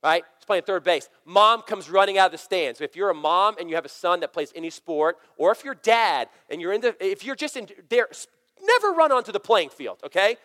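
Thirties male pastor, chatty and animated storyteller, slightly high voice, echoing sanctuary. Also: brisk. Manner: conversational, storytelling, energetic. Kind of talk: sermon. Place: church sanctuary. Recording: long hall reverb.

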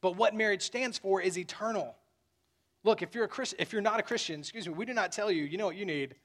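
A man's voice: high voice, fast, a bit bright. A man preaching a sermon as pastor, earnest and building to emphatic peaks.

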